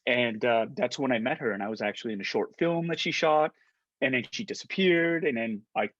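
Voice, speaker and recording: A man's voice: medium pitch, a little fast, highs cut off. A middle-aged man from Canada, a guest on a video call interview, telling stories with stammering restarts and acted-out dialogue. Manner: animated, stammering restarts, acts out quoted dialogue. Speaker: actor and guest. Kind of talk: casual interview storytelling.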